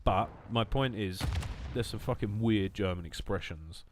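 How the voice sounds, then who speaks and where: Low-voiced man rambling on a game stream. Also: measured pace, slight background noise. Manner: joking, self-mocking, swears freely; loose, wandering talk with restarts. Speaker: gaming streamer. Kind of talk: casual rambling stream chat.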